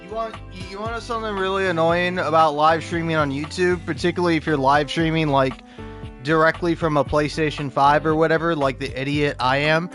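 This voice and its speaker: A man's voice: fairly high pitch, fairly even intonation, fairly quick, fairly bright tone, faint music behind. A young man chatting casually on a gaming live stream, rambling and self-deprecating with lots of false starts. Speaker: gaming livestreamer.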